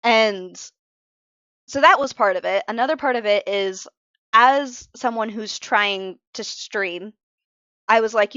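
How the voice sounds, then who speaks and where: A woman's voice: medium pitch, slow, bright, forceful tone, dry recording, lo-fi sound. A tired woman streamer chatting casually while she draws. She rambles and interrupts herself, and is frank about being emotional. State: tired from little sleep. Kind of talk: casual live-stream chat while drawing.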